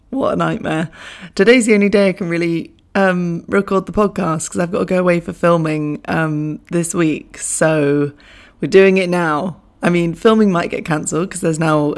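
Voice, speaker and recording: A young woman hosting a podcast, talking casually with a hoarse, croaky voice from losing it, chatty and self-mocking, laughing often. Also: on the low side, steady tone, moderate pace. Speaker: podcast host. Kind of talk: casual solo podcast chat.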